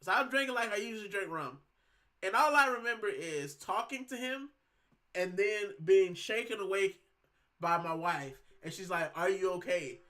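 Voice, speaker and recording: A man from Puerto Rico chats casually as a show host, with a high, bright, forceful voice. He tells stories in loose slang and says bro a lot. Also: animated, moderate pace. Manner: slangy storytelling, keeps saying bro. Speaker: football channel host. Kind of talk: casual chat.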